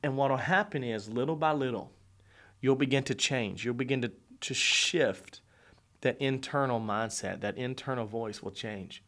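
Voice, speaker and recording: A man's voice: medium pitch, normal speed, a bit bright. A man speaking as a motivational coach, talking earnestly and conversationally and repeating phrases for emphasis. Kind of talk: motivational monologue to camera.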